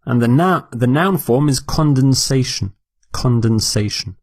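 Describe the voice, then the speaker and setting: Slow, deliberate male vocabulary teacher. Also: mid-range voice, animated, dry recording. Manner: repeats each word clearly for learners.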